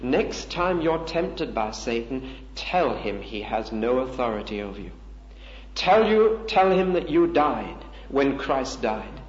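A man's voice: medium pitch, sing-song, slow. A man preaching a sermon in an earnest, emphatic way, with rhetorical questions. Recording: roomy, dull lo-fi recording.

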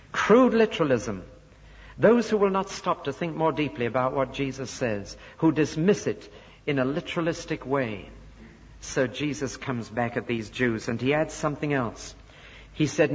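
A man preaches an expository sermon, often voicing the people he quotes. His voice is a little husky. The recording sounds dull and lo-fi, with long reverb from a large hall. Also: medium pitch.

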